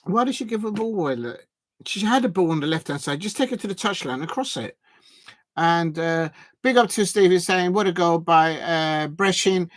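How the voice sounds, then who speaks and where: On a recording with no room sound, a man with a high, animated voice hosts a live fan watch-along at a slightly quick pace. His casual commentary is packed with fillers and restarts as he chats, reading out viewers' messages and thanking them.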